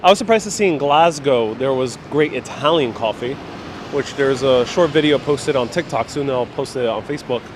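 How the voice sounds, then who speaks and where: This man is a travel vlogger doing a casual walking live stream across a city, reading out viewer comments and musing aloud. He speaks at normal speed in a mid-range voice, recorded on a handheld phone amid outdoor traffic and street noise.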